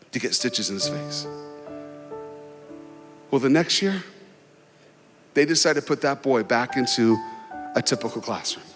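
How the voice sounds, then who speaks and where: Guy telling a moving story from a stage, voice swoops up and down, big echoey hall, soft music under. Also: a little high. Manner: emotional, dramatic storytelling with pauses and swells. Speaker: guest speaker. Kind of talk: inspirational sermon storytelling. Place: large hall before a crowd. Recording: long hall reverb, faint music.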